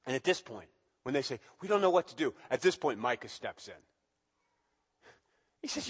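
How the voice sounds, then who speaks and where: A man preaching a sermon in a church, animated and lively, acting out quotes in a raised voice. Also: on the high side, fairly quick, slightly rough, big-room sound. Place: church service.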